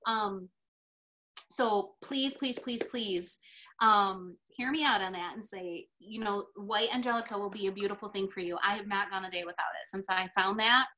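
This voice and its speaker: A teary-eyed woman sharing heartfelt personal experience on a video call, pleading and pausing with frequent ums. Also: medium pitch, fairly even intonation, bright, forceful tone, a little hiss or hum. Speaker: team member presenting convention notes.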